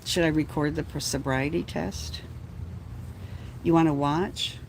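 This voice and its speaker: A woman's voice: deep voice, fairly even intonation, a little slow, a little mellow, a little hiss or hum, low-quality recording. A woman from Texas filming police from her car, with a mocking running commentary full of swearing. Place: inside a parked vehicle.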